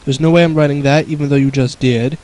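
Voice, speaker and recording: A man's voice: a little high, fairly even intonation, fast talker, a little mellow, rough recording. A young man reading a bad fan story aloud with sarcastic, mocking asides. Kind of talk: comedic dramatic reading with commentary.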